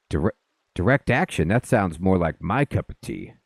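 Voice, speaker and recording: Chatty low-voiced man streaming a game. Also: lively intonation, moderate pace, no room sound, studio quality. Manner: chatty, greets viewers mid-sentence, rambling asides. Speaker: let's play streamer. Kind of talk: casual live game commentary.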